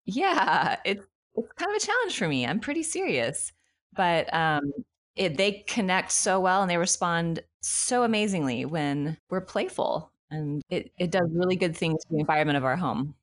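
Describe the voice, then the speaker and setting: A woman's voice: on the low side, very animated, moderate pace. A woman, a mother, in casual conversation, speaking thoughtfully and openly about her own habits. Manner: thoughtful, earnest, admits her own struggles. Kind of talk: casual chat.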